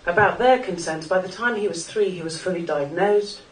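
A woman's voice: fairly low pitch, normal speed, recorded from a distance. A woman in her forties gives an earnest personal talk with a wry, self-mocking humour. Her voice carries through an echoey room from a mic some way off, with a faint hiss behind. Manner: wry, earnest, laughs at her own jokes. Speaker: speaker at a live talk event. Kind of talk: personal talk to a live audience. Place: small club venue in front of an audience.

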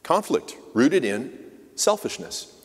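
A man's voice: fairly high pitch, sing-song, slow pace, husky, in a large hall. A man preaching a sermon in a church, talking in a conversational way and putting questions to the congregation. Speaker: church leader giving the message. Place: church sanctuary.

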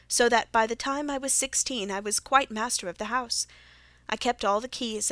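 A woman reads a classic mystery audiobook aloud in a measured, even manner. Her voice sits a little high, and the recording is dry and close with no room sound. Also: no room sound. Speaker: audiobook reader. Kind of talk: scripted narration.

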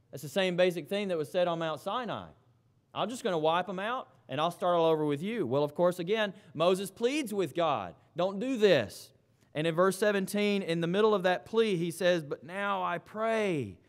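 A man preaching a sermon in church, reading scripture aloud and then explaining it with emphatic repetition. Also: high voice.

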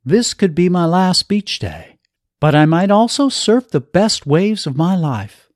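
A man voicing a hopeful young woman who is gravely ill, speaking with raised pitch, earnest and bright. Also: big pitch swings, measured pace, dry recording, clean studio sound, full character voice.

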